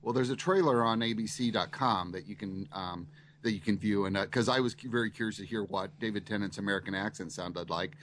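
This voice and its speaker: A man talking casually on a podcast panel, pausing often and hesitating with fillers. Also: lowish voice, fairly bright tone, a little hiss or hum. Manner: hesitant, full of ums and uhs. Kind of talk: casual chat.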